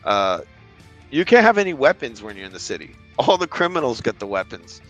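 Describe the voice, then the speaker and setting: A man's voice: mid-range voice, sing-song, fairly quick, fairly bright tone, faint music behind. Blunt, profane man from Brooklyn. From Brooklyn, New York. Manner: blunt and profane, talks in long run-on stretches. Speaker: podcast guest. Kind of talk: casual chat.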